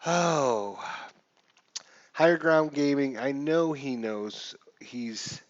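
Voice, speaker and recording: A man's voice: medium pitch, extremely slow, dry recording, dull audio. A man giving casual gameplay commentary while playing a baseball simulation, chatty and thinking aloud as he checks the rules. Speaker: gamer playing a baseball sim.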